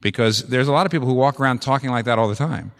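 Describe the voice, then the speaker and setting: A man preaching a sermon with an animated, emphatic delivery, repeating phrases for effect. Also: medium pitch, racing, gravelly, in a large hall.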